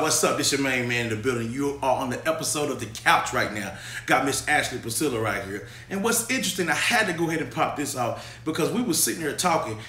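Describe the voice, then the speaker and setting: A man's voice: fairly high pitch, sharp tone, echoey room. A man hosting a casual couch chat, teasing and talking over his guest. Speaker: host.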